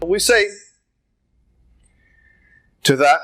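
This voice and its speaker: A man debating in public, laying out his argument in a measured way and building it from examples. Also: high voice, huge pitch swings, fairly bright tone, rough recording. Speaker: street debater.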